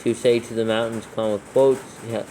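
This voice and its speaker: A man reading scripture aloud for proofreading, haltingly dictating each punctuation mark. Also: mid-range voice, level tone, warm tone, poor audio. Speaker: proofreading reader. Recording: faint background noise.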